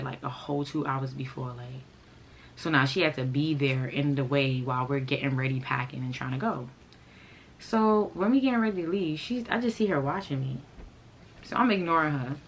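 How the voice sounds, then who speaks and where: A young woman telling a storytime vlog story in a brash, profane way, swinging into loud, animated outbursts. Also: low-pitched, slight background noise. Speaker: storyteller vlogger. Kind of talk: casual storytime rant.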